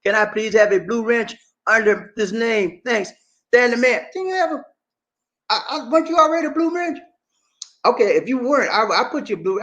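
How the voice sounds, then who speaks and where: A man hosting a casual livestream, reading out viewer comments and chatting back in an animated, drawling way, often tossing in "man". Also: sits high. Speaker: vlogger reading live chat.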